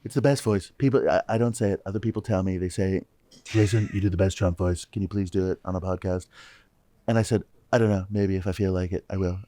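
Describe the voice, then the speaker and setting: A man's voice: low voice, fairly even intonation, fast, warm tone, dry recording, natural voice. A man doing a boastful old politician. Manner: bragging, superlatives, repetitive. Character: boastful older male politician impression.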